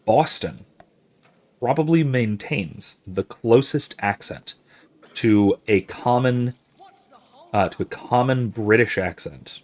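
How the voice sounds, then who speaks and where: Playing a game, a man with a somewhat low voice runs a loose, lecture-style commentary for his gaming channel. His points drift, broken up by ums and restarts, and he occasionally reads viewer comments aloud and reacts.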